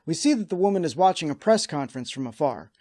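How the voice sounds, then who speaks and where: A man's voice: on the high side, lively intonation, quick pace, mellow. Man recapping, wry and sarcastic. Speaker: host. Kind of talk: scripted episode recap.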